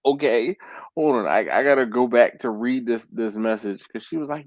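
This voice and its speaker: A man's voice: mid-range voice, moderate pace, no echo. A man who hosts a barbecue channel, telling stories in a casual live group chat. He talks in slang and acts out his customers' messages. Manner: uses slang like "yo", "fam", "dog". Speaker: BBQ caterer and channel host.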